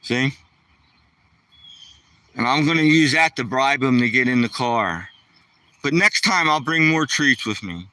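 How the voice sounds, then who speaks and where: A man's voice: mid-range voice, expressive, a little slow, pauses often, pushed and bright, dry recording, distant mic. A man chatting casually while walking his dog outdoors, rambling and joking to the dog and the camera. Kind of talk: casual vlog chat.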